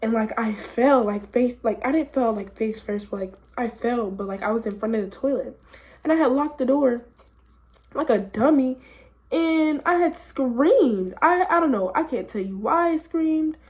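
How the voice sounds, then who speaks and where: Young adult woman, slightly high pitch, casual storytime vlogger, excitable and rambling. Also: normal speed. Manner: rambling, excitable, full of "like" and "bro".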